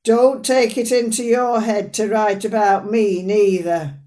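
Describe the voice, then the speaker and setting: A woman performing a dramatic monologue as a fussy, proud, sharp-tongued elderly northern mother with a dry, plain-spoken manner. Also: medium pitch, steady tone, a little slow, close to an everyday voice. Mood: wry.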